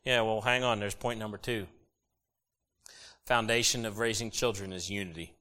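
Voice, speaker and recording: A middle-aged man preaching a sermon, animated and jokey with sudden loud bursts. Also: fairly low pitch, moderate pace. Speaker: pastor.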